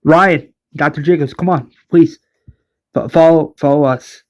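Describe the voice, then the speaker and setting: A man's voice: on the high side, muffled recording, natural voice. A man voicing a worried young woman who urges her friends to hurry back. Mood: urgent. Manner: urgent, hurried.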